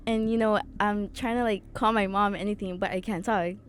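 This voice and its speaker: A young woman tells a personal story as a podcast guest, in a mid-range voice. She talks haltingly, with frequent laughs. A faint background hiss sits under the recording. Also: mid-range voice, fairly even intonation. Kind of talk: casual chat.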